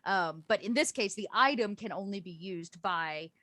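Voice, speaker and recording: A woman's voice: mid-range voice, moderate pace, pushed and bright, no room sound. A woman running a tabletop game as game master, explaining rules and scenes casually with lots of fillers.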